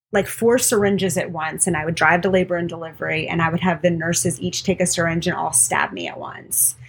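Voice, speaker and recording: A woman's voice: mid-range voice, a bit bright, husky. A woman midwife and podcast co-host candidly telling a personal story in casual conversation. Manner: candid, storytelling with quoted voices.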